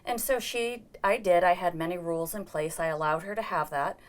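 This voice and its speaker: Middle-aged woman interview guest, lowish voice, earnest storyteller. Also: fairly quick. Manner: earnest storytelling, acting out quoted dialogue. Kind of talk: personal account in an interview.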